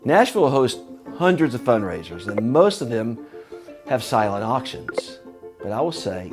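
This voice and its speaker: Earnest man hosting a fundraiser. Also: mid-range voice. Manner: earnest, introducing a guest. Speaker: event host. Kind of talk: scripted event announcement.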